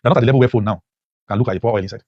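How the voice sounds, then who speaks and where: A man's voice: lowish voice, racing, breathy edge, dry recording, highs cut off. A man giving a motivational lecture to a class, preachy and full of rhetorical questions, his voice leaping up sharply on key points. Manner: voice leaps up sharply when stressing points. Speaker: motivational teacher.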